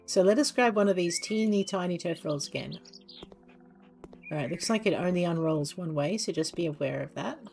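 A woman's voice: on the low side, animated, moderate pace, vocal fry, darkish tone, faint music behind. A woman commentating her game play from home in a casual, chatty way, stopping now and then to talk fondly to her dog. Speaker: gaming channel host. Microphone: desk microphone.

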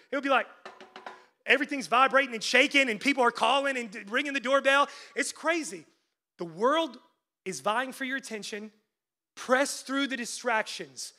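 A male pastor preaching a sermon, swinging between loud, urgent peaks and hushed lows, with casual "like" asides and calls to the congregation. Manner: conversational asides with frequent "like" fillers.

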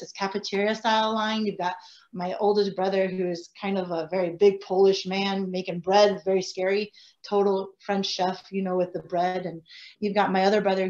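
A woman who owns a family restaurant, telling animated stories on a video-call panel. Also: mid-range voice, highs cut off. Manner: animated, chatty storytelling. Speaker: restaurant owner. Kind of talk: panel discussion.

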